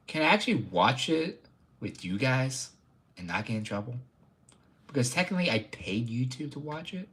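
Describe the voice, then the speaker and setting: Young man, streamer, casual chat, profane and jokey, very animated pitch. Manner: rambling, profane, jokey, talks to chat, bursts into loud mock outrage.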